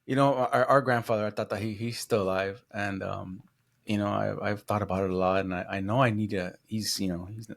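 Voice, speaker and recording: A man's voice: lowish voice, steady tone, fairly quick, gravelly. A man co-hosting a podcast with his brothers, speaking in a hesitant, reflective way with many fillers. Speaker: podcast co-host. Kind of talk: casual heartfelt conversation.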